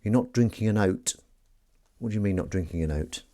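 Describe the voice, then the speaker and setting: Over heavy background noise, this lowish-voiced man talks briskly while hosting a live stream. His casual chatter rambles and jokes along, and he acts mock-outraged at what the chat says.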